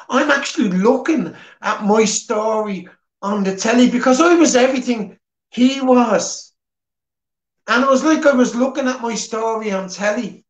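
A high-pitched man from Dublin tells his personal testimony at church, earnest and plain-spoken. The recording is muffled, and the church hall around him echoes.

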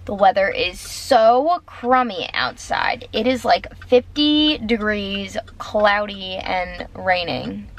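A woman's voice: medium pitch, takes it slowly, hardly any pauses, rough recording. A young woman from New Jersey chatting casually to her camera in a vlog, giggly and saying "like" often. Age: young adult. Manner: chatty, giggly, uses "like" a lot. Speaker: vlogger. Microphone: handheld camera.

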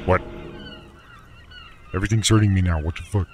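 A man's voice: deep voice, fairly even intonation, fairly quick, background noise. A man reading game text aloud and reacting to it, casual, swearing freely and tripping over words. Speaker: let's play gamer. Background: game music.

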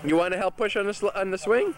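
Speaking fast in a high voice, a man records a home movie outdoors in a suburban backyard. He narrates casually, cheering the children and telling them what to do. His camcorder's built-in mic captures the party crowd's chatter too.

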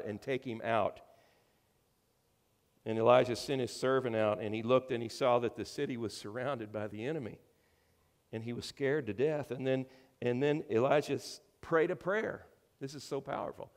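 A man's voice: medium pitch, big-room sound. Man preaching with dynamic swings. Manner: dynamic preaching, swinging from hushed to loud and emphatic; calls out to the congregation with questions. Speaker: minister. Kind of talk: sermon.

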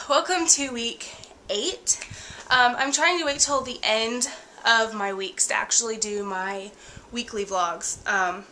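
Worn out and breathless from a bad cold, a young woman vlogs candidly to her camera, drifting through ums and likes. Her fairly high voice stays bright and forward at a measured pace, with faint hiss beneath the recording.

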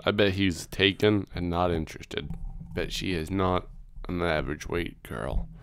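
A man's voice: low voice, measured pace, slight background noise. A man co-hosting a casual podcast, tossing in dry, sarcastic quips. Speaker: podcast co-host. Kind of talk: casual chat.

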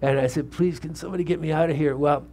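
This pastor in his seventies has a fairly high voice, a warm tone, and a quick pace with fairly even intonation. Standing in a church sanctuary, he preaches a sermon built around his personal testimony, speaking conversationally and asking the congregation questions.

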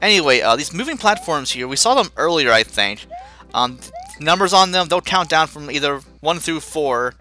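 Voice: mid-range voice, lively intonation, normal speed, sharp tone. A let's play host giving self-mocking gameplay commentary, with sudden panicky outbursts. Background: faint game music.

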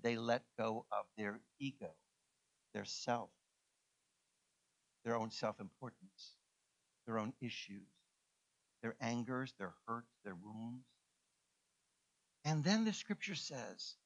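A man preaching in a fairly high voice, acting out little voices and sinking into soft, low passages. The recording is dull and muffled. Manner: animated, acts out voices, drops to soft low tones. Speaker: pastor. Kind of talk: sermon. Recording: dull lo-fi sound.

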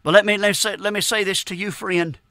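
A man's voice: sits high, steady tone, quick pace, bright, forceful tone, no echo, studio quality. A man, preaching a fervent radio sermon, emphatic and repetitive, often calling his listeners friend. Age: 50s.

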